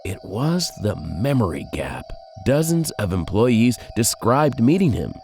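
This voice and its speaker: A man narrating a dark crime story in a scripted, dramatic, measured way. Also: sing-song, soft background music. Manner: dramatic, measured storytelling with sudden drops in pitch and loudness.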